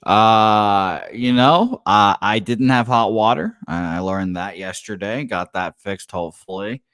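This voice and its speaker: A low-voiced man chats loosely and rambles, full of "uh" and "you know", joking at his own expense. His voice is dry and close on the mic, with no room around it. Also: a little slow, fairly bright tone, no echo. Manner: rambling, self-deprecating, many fillers. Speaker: co-host. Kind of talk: casual chat and race calling. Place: his new apartment.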